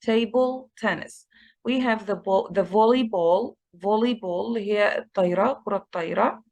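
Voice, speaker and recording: A woman with an Egyptian accent teaching an English class, slowly repeating words to drill pronunciation. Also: mid-range voice, darkish tone. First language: Egyptian Arabic. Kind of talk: online English lesson.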